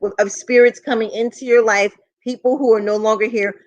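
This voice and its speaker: A woman's voice: on the high side, fairly even intonation, brisk, dry recording, muffled recording. Woman host, earnest and emphatic, keeps repeating herself, dead dry sound. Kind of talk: casual chat.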